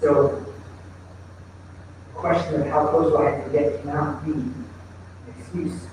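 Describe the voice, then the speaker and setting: High-voiced pastor preaching in echoey hall. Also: male voice, little pitch movement, measured pace, a little mellow, a little hiss or hum. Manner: conversational preaching, asks the congregation rhetorical questions. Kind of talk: sermon. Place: church sanctuary. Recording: echoey church hall, mic at a distance.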